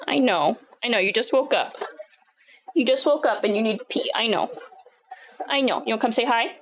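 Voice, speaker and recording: A woman in her thirties chatting casually on a live stream as she works, often turning to coo at her dogs in a higher, sing-song voice. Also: moderate pace, slight background noise. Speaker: livestreamer building a keyboard.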